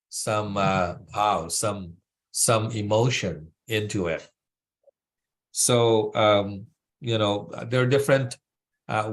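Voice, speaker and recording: A man teaching a devotional class how to pronounce Sanskrit verses, patiently breaking words into syllables and often checking in with "right?". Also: lowish voice.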